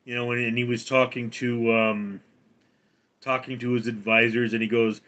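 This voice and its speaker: A man hosting a casual livestream, rambling with halting restarts. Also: medium pitch, little pitch movement, fairly bright tone. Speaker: livestream host.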